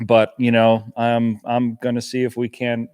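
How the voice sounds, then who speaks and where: An easygoing man chatting on a live fishing show, sometimes talking through a mouthful of food. His voice sits at a plain middle pitch, and his speech is relaxed and conversational. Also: unhurried, clean tone. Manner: easygoing, talks while eating. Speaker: guest angler. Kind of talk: casual chat.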